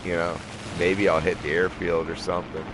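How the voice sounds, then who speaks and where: A man's voice: low-pitched, little pitch movement, normal speed. A man giving casual, profane gameplay commentary, rambling and laughing often. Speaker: gamer playing a flight combat game. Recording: game noise in the background.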